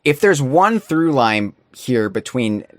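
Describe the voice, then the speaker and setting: A man's voice: mid-range voice, sing-song, takes it slowly, no echo. Earnest man explaining at length. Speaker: podcast guest. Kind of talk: casual podcast chat.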